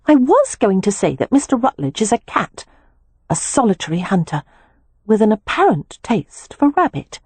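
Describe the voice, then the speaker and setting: A woman's voice: medium pitch, big pitch swings, moderate pace, husky, no room sound, voice pushed up. A woman voicing Beatrix, an earnest animal-loving girl. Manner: earnest, gentle and matter-of-fact. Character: earnest young woman who loves animals.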